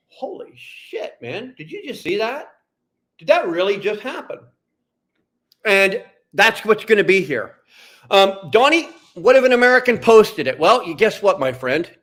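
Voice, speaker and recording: Man, from Canada, high-pitched, heated, cursing, repetitive livestream rant. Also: sharp tone. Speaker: streamer.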